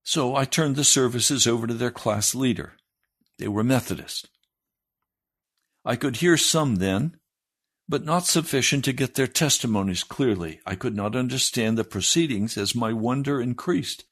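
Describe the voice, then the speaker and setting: A man's voice: medium pitch, moderate pace, fairly bright tone. A man, a pastor, reading a story aloud in a sermon, raising his voice for the quoted lines.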